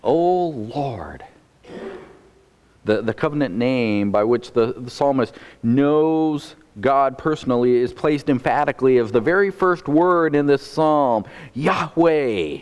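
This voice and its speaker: A man's voice: medium pitch, unhurried, darkish tone, smooth, long reverb tail. A man preaching a sermon as pastor, earnest and often repeating a word as he starts a phrase.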